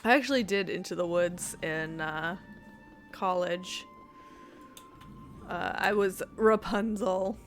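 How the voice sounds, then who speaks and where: A woman's voice: mid-range voice, fairly bright tone. A woman streaming a game, chatting casually with viewers in a rambling, giggly way. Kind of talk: casual live-stream chat.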